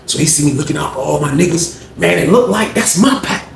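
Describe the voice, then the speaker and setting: A man's voice: on the high side, animated, a little fast, creaky, a little hiss or hum. A young adult man from Norfolk, Virginia, casually telling a story and acting out other people's voices, dropping "man" and "bro" into his lines. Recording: echoey room, faint ambience.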